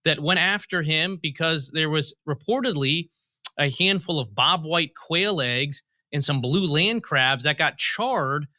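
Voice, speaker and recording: A man appearing as an interview guest who explains policy in a measured way, starting points with "look" and pausing on "uh". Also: a little high, bright, forceful tone, no room sound, clean studio sound. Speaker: guest, federal commissioner. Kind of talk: interview answers, storytelling.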